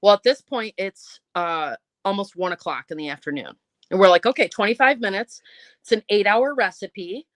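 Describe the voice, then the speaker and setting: A woman's voice: mid-range voice, moderate pace, no echo. A woman hosting her own channel, telling a long story and acting out every line of dialogue. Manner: animated, acts out quoted voices. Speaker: channel host. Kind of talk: live-stream storytelling. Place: indoors at home.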